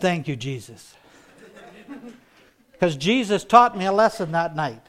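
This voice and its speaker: High-voiced man preaching his testimony. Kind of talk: sermon testimony.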